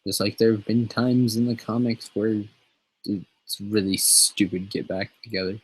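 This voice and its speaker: A man's voice: lowish voice, steady tone, slow pace, pauses often, breathy edge, rough recording. A man hosting a casual show, rambling and swearing freely as he chats. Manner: profane, rambling, laughs often. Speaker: show host.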